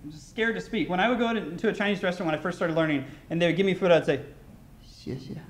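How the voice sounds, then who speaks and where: An American man speaks at a conference keynote, his voice sitting high. He talks casually, with plenty of fillers and restarts, and the sound rings around a roomy hall. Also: racing. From United States.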